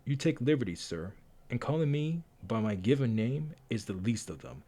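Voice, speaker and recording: A man's voice: mid-range voice, very animated, normal speed, mellow. A man voicing a proud, formal young woman witch, reading her lines aloud with firm emphasis. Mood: stern.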